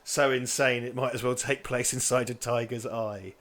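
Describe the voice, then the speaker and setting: A man in casual podcast chat about movies, mid-pitched and loose. He rambles, drops swear words freely and pads his thoughts with ums and uhs. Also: fairly even intonation, normal speed, fairly bright tone. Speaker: podcast co-host. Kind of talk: casual film commentary chat.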